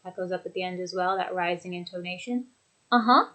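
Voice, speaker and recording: Woman teaching english intonation from her home desk, slow and clear. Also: lowish voice, monotone, low-quality recording. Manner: clear, deliberate, demonstrating intonation examples. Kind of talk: recorded lesson. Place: home office with a computer.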